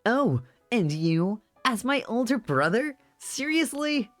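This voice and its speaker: A man's voice: very high voice, very animated, slow, fairly bright tone, dry recording, soft background music, pitched above the performer's own voice, full character voice. A man doing a timid student in fake British. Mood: polite. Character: timid young male student narrator. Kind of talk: visual novel voiced reading.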